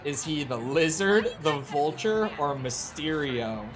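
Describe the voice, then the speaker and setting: A man's voice: on the high side, animated, slow. A man streaming a video game, chatting casually and swearing now and then. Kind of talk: casual gameplay commentary. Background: game music.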